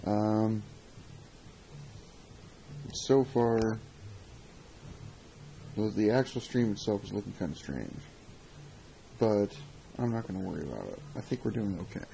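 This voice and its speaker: A man with a low, gravelly voice co-hosts a casual live stream, joking wryly and muttering to himself. A faint hiss sits behind him. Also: animated, unhurried, pauses often, dark tone, low-quality recording. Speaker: podcast co-host.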